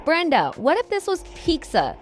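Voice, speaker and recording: A naive, anxious young woman pleads in a whiny, very high voice that swoops up and down as she questions, as a storyteller imitates her friend. Her tone is soft and needy. She sounds earnest and slightly clueless. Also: huge pitch swings, normal speed, soft background music. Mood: coaxing.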